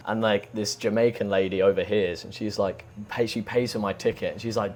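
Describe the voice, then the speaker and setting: A man's voice: on the low side, fairly quick. A young man from England, a podcast guest, telling stories in casual chat and swearing freely. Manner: swears a lot, animated storytelling.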